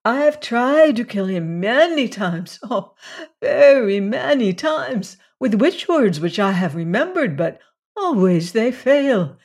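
A reader voicing a wan, childlike young woman who lisps and speaks simple broken English slowly, for a storybook reading. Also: medium pitch, darkish tone, pitched above the performer's own voice.

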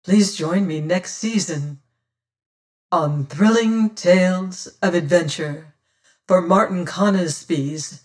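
A male audiobook narrator tells an old-fashioned sea adventure in the first person. His voice sits high for a man, and he takes an unhurried, solemn pace.

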